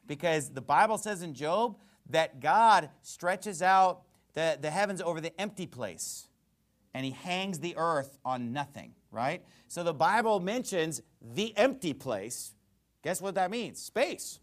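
A man's voice: on the high side, animated, a little slow. A man preaching a sermon in a conversational, emphatic way, asking rhetorical questions.

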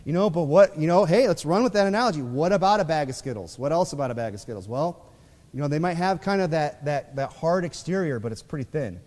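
A man's voice: on the high side, expressive, quick pace, a little mellow. A man preaching a sermon in a loose, conversational way, with frequent fillers, and reading scripture aloud. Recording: long reverb of a church hall.

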